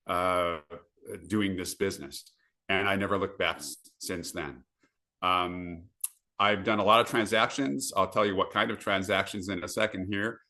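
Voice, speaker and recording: Bright, filler-heavy middle-aged man. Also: fairly low pitch. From Southern California. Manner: many uh fillers, animated quoted asides. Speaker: podcast guest. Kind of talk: casual storytelling. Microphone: video call.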